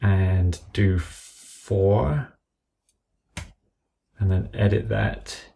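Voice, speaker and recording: A man's voice: on the low side, creaky, mellow. A man walking through entering drum notation in a music app, methodically calling out notes and stickings and correcting himself as he goes. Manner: slow, methodical, muttering self-corrections while entering notes. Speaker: app tutorial presenter. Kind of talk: screen-recorded software walkthrough. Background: computer keyboard and mouse clicks.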